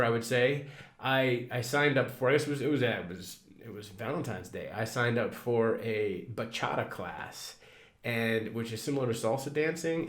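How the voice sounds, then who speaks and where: A man's voice: mid-range voice, reverberant. A man hosting a solo podcast, talking reflectively and rambling a little with fillers and restarts. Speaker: podcast host.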